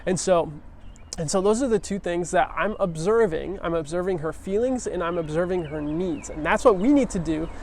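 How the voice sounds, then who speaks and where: Earnest high-voiced man preaching casually. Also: normal speed, darkish tone, slight background noise. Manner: earnest, conversational, many restarts. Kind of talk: casual sermon.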